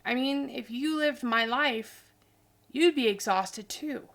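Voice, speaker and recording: Speaking slowly in a voice that sits high and sounds a bit bright, a woman in her forties from Idaho rambles goofily. She's a tired but talkative vlogger having a casual chat.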